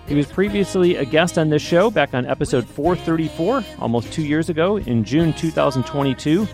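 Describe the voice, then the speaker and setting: A man's voice: fairly high pitch, expressive, fairly quick, darkish tone, faint music behind. A man hosting an interview podcast from a radio studio, upbeat and full of enthusiastic reactions. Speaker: podcast host.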